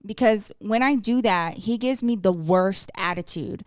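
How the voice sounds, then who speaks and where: Animated woman co-hosting a couples podcast, dry sound. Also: medium pitch, normal speed, no echo. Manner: animated storytelling, profanity, laughs a lot. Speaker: podcast co-host. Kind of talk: casual chat.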